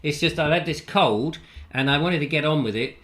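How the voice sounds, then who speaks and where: A man's voice: a little high, normal speed, fairly bright tone. A man with a lingering cold, hosting a casual live chat show in a rambling, jokey, wry way. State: recovering from a cold. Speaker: show host.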